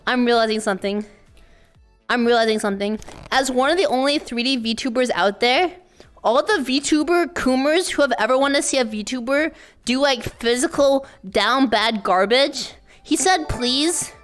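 Bubbly woman streamer with a high voice, chatting live with viewers. Excitable, quick to laugh and to break into mock-exasperated outbursts. Faint music under her. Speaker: VTuber streamer.

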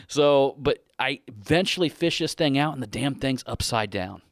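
A man's voice: medium pitch, expressive, normal speed, no echo, clean studio sound. Profane, rambling middle-aged man. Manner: profane, rambling storyteller who laughs often. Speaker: podcast host, dent repair shop owner. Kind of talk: casual podcast chat.

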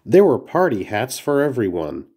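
A man's voice: medium pitch, huge pitch swings, normal speed, dark tone, husky. A man reading a children's storybook aloud, carefully, with small slips and restarts. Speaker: narrator.

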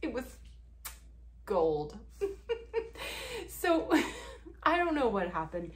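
Woman, casual vlogger, sarcastic, foul-mouthed, laughs a lot, middle pitch. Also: sing-song, very slow. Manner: sarcastic, profane, laughing often. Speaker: commentary vlogger. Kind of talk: casual reaction commentary.

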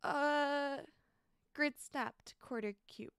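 Young female streamer, bubbly and chatty, high-pitched, dry close mic. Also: very slow, no echo. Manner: bubbly, repeats exclamations, thanks chat excitedly. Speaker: game streamer. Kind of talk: casual live-stream chat while building in a game.

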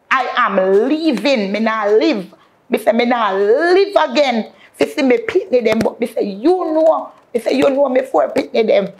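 A woman with a Jamaican accent sharing an emotional personal testimony in patois and often calling out to the faithful. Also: a little high. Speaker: guest.

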